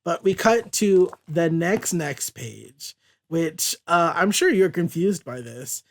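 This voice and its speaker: Laughing often, a podcast host reads a comic's character lines aloud in quick, loose paraphrase as he walks through it page by page. His voice is on the high side, with lively intonation and vocal fry, in a casual review chat.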